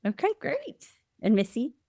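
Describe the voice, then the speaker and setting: A woman's voice: on the high side, huge pitch swings, a little slow, mellow, no room sound, studio quality. An American woman co-hosting a podcast, playful and laughing often as she interviews guests. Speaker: podcast co-host.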